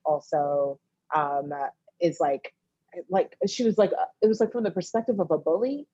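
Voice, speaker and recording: A woman in her thirties, a TV writer and director, talking casually as a guest and acting out her friends in sudden high-pitched bursts. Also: moderate pace, slightly rough, no room sound, dull audio. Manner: animated, acts out friends' voices in high bursts, laughs often. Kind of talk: casual conversation.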